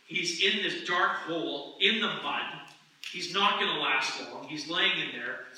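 Male pastor, bright and fairly high voice, chatty sermon delivery, roomy echo from a distance. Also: unhurried. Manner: conversational, animated storytelling with acted-out quotes. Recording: echoey room, mic at a distance, faint noise.

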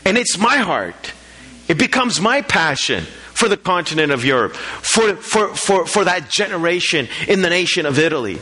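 Man, pastor, sermon, higher voice, bright and forceful, animated storytelling. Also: normal speed. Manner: animated storyteller, many repeated "and" restarts.

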